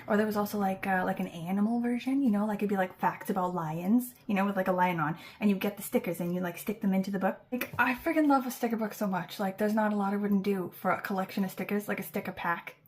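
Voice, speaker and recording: Chatty woman book vlogger at ordinary pitch, loose and playful, full of fillers. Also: quick pace, hardly any pauses, darkish tone, a little hiss or hum. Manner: chatty, many fillers, playful and self-teasing. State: fighting back tears. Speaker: booktube host announcing a reading challenge. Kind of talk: casual chat to camera.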